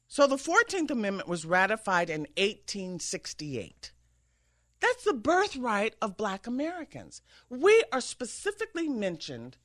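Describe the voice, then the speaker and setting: A woman's voice: mid-range voice, pushed and bright. A woman hosting a talk show, giving an emphatic political commentary monologue from a studio, often mimicking others mockingly. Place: radio studio with an engineer.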